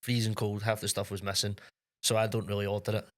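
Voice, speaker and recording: A Scottish man co-hosting a podcast, chatting casually and chipping in with quick remarks. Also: lowish voice, little pitch movement. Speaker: podcast co-host. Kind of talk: casual chat.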